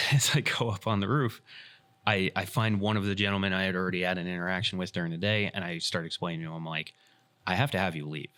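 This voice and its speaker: Deep bright-toned podcast host telling a story. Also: male voice, fast talker. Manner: animated retelling, acts out quoted dialogue. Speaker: podcast host and airsoft field staff. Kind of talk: casual storytelling chat.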